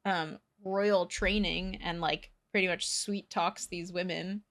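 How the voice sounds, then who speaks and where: A woman co-hosts a podcast in a casual, unhurried way. She talks slowly and recaps the plot in a loose, chatty manner. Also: on the low side. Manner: relaxed, recapping the plot with acted quotes. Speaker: podcast co-host. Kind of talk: casual book discussion.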